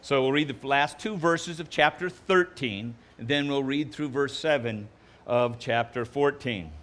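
A man preaching a sermon, delivering jokes in an animated, playful way before reading scripture. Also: medium pitch, a little slow. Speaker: pastor.

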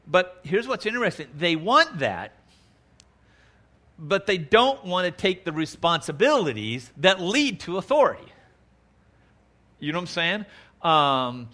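A man's voice: fairly high pitch, pushed and bright. A man preaching a Bible sermon in a folksy, conversational way, saying y'all and acting out quoted speakers in a raised voice.

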